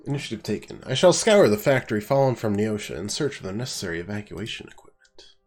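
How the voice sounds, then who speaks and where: A man doing a flat, clipped robot unit. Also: lowish voice, fast, soft background music. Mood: deadpan. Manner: clipped, monotone machine delivery. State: stuffy nose.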